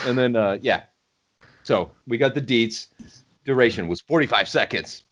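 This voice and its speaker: A man's voice: medium pitch, expressive, normal speed, fairly bright tone. A man co-hosting a podcast, joking playfully and dropping into goofy voices. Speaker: podcast co-host. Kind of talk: casual chat. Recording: slightly dull lo-fi audio.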